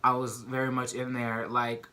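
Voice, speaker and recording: A young man telling a personal story to his viewers in a casual, animated way, full of "like" and "y'all". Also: mid-range voice, moderate pace. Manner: animated, addresses viewers as "y'all", many "like" fillers.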